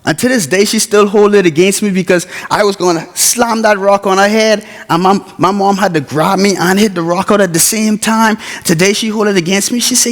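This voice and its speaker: A young man with a Bahamian accent tells a personal story before a chapel audience, slipping into the voices of the people in it. His voice sits a little high for a man. It rings with the long reverb of a large hall. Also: fairly quick, hardly any pauses. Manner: storytelling, acts out quoted voices, informal grammar. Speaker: chapel speaker. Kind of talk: personal testimony speech. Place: college chapel.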